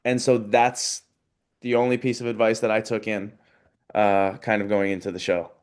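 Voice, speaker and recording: A man's voice: fairly low pitch, flat delivery, moderate pace, clear, resonant tone. A young man, a guest in a casual interview, talking earnestly about his experience and working through his thoughts as he goes. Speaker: interview guest, competition show contestant.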